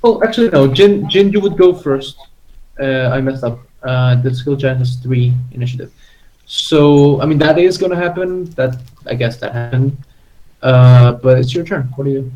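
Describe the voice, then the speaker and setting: A man's voice: mid-range voice, moderate pace, dark tone, muffled recording. A man acting as game master of a tabletop game, patiently explaining rules with frequent hesitations.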